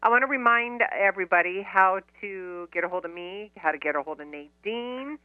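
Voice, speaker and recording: A woman's voice: medium pitch, moderate pace, clean tone, dry recording, phone-quality sound. A woman hosting a radio show, talking casually with an effusive, affectionate, upbeat manner.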